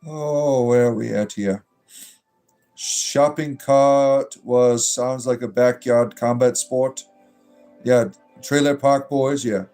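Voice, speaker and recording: A man's voice: medium pitch, fairly even intonation, takes it slowly, mellow, clean tone, soft background music. A man hosting a casual livestream as a druid bard, joking with chat and giving blessings. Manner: joking, reacts to chat messages, blesses viewers. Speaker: livestream host reading chat.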